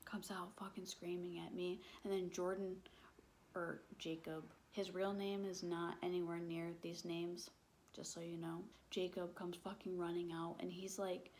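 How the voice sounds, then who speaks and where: A young woman telling a personal story as a vlogger, halting and emotional, leaning on "like" as filler and swearing when upset. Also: lowish voice, steady tone, a little mellow, slight background noise.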